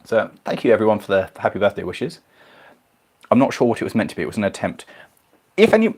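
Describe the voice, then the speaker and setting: Husky-voiced, low man. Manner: rambling, self-deprecating. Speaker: host of a live stream. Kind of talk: casual live stream chat, reading viewer comments.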